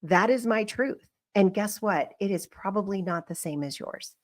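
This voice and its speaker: A woman's voice: mid-range voice, moderate pace. A middle-aged woman hosting a podcast, talking candidly in a reflective, conversational monologue and acting out bits of remembered dialogue. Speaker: podcast host.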